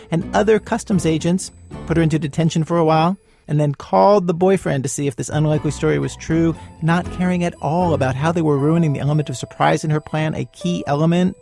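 A man hosting a radio show, narrating a guest's story in a measured, wry way and asking her questions. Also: a little high, vocal fry, a little mellow. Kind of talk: scripted radio narration and interviewing.

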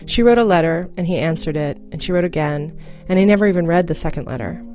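A woman narrating a scripted radio story in a measured, even manner. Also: lowish voice, faint music behind.

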